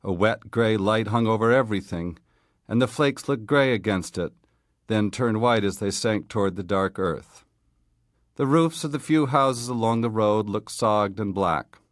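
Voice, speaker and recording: A man with a fairly low voice reads a literary short story in a steady, measured way. The sound is close and dry, with no room around it. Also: no echo. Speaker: audiobook reader.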